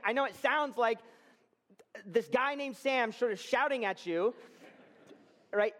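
Man, pastor, sermon, high tenor voice, fervent, builds to near-shouting emphasis. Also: a little slow, long pauses. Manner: fervent preaching, swells loud and high for emphasis.

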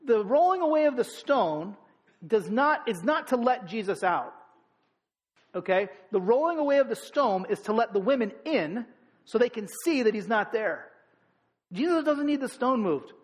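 High-voiced man teaching the Bible casually. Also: lively intonation, moderate pace. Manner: conversational, lots of "like" and "you know", emphatic bursts.

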